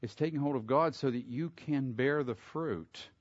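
A man preaching a sermon in a mid-pitched voice. He reads scripture verses aloud, then explains them and builds to loud, emphatic stretches. The sound is dry and dull, like a lo-fi recording. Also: normal speed, dry recording. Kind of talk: sermon, expository Bible teaching.

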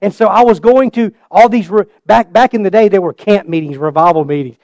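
A middle-aged man preaching a sermon and telling his own story, swinging between loud bursts and hushed asides. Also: sits high, a little fast, no room sound. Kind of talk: sermon with personal testimony.

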